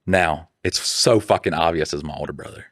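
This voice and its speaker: A man co-hosting a podcast, telling a story in casual chat, animated and swearing freely, acting out what other people said. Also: sits low, brisk, no echo, studio quality. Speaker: podcast co-host.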